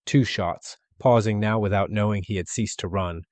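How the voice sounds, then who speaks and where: A man reads a classic short story aloud in a steady, measured audiobook narration. His voice sits low, and the recording is dry and close to the mic, with no room sound. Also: dry recording. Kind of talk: scripted literary narration.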